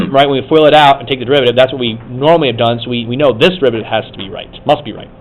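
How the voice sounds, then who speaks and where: A man's voice: medium pitch, racing, rough recording. A man teaching a math class, talking casually and thinking aloud as he coaxes students through problems. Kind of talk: classroom lecture.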